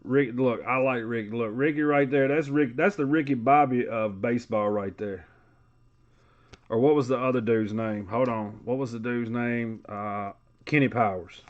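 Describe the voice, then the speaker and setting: A man's voice: medium pitch, highs cut off. A man hosting a live sports card break, calling out player names in a casual, chatty way.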